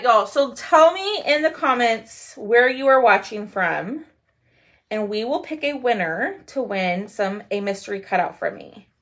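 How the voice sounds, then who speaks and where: A Texan woman in her thirties with a twang hosts a chatty craft livestream, greeting viewers as she reads their comments. Her voice is a little high and a bit bright, and she laughs often.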